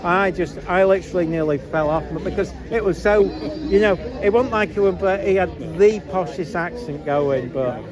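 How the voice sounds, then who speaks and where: A man's voice: high-pitched, moderate pace, few pauses, a crowd in the background. A man at an outdoor street protest, rambling through amused stories in casual chat. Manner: rambling storyteller, chatty and amused.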